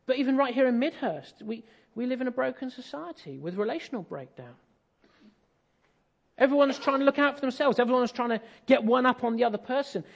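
A man's voice: extremely high pitch, lively intonation, moderate pace, vocal fry. An English man preaching a sermon, telling a family story in a conversational way with self-deprecating humour.

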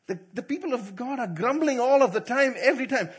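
A man preaching to church leaders, quizzing the audience and telling stories with animated delivery. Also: very high voice, brisk, hardly any pauses, slightly rough. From not from India. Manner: animated, asks the audience questions, laughs easily. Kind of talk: sermon.

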